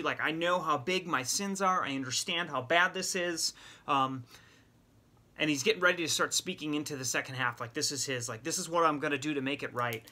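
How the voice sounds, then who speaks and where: A middle-aged man teaching a sermon, retelling a scripture story in lively paraphrase and acting out the characters' lines. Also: a little high. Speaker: men's ministry teacher.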